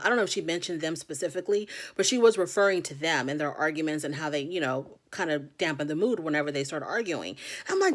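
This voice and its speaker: Chatty woman recapping reality TV, lowish voice. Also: lively intonation, quick pace, few pauses. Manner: chatty, opinionated, acts out cast members' lines. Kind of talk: casual episode recap.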